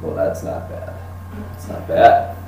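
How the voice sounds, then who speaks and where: A man playing in a tabletop game, speaking in character in a slow, laid-back, jokey manner. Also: mellow, heavy reverb, recorded from a distance, a little hiss or hum, low-quality recording. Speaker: player.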